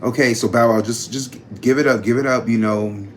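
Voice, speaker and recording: A man hosting a casual gossip vlog, chatty and slangy, talking straight to his viewers with animated jumps in pitch. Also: fairly quick, a little hiss or hum. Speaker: psychic channel host.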